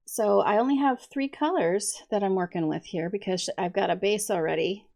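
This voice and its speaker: A woman hosting a casual coloring video, chatty with frequent ums, her voice hoarse from allergies. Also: mid-range voice, normal speed, dark tone. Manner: chatty, many ums, giggles often. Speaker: coloring channel host.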